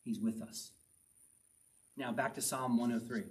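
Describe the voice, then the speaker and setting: A man's voice: mid-range voice, steady tone, a little slow. Man preaching a conversational sermon from a distance. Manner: conversational preaching, reads scripture aloud, emphatic repetition. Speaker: pastor.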